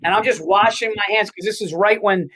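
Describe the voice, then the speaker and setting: A man, a guest comedian, telling profane, animated stories in casual podcast chat, full of quick restarts. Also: high voice, low-quality recording.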